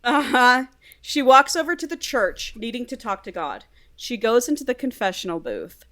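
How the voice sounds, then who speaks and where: A woman's voice: on the high side, normal speed. Chatty woman podcast co-host. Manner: chatty, animated storyteller, laughs often. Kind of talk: casual chat recapping a book.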